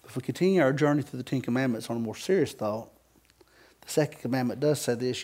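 A man's voice: mid-range voice, quick pace, darkish tone. A man from the Carolinas with a Southern accent, preaching a sermon as pastor in a folksy, joking storytelling way.

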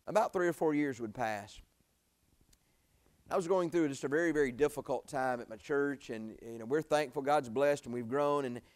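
A middle-aged preacher tells a homespun story from the pulpit. His voice sits a bit high for a man and sounds smooth and resonant. He speaks in a folksy way and builds to pleading, emotional climaxes. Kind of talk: sermon storytelling.

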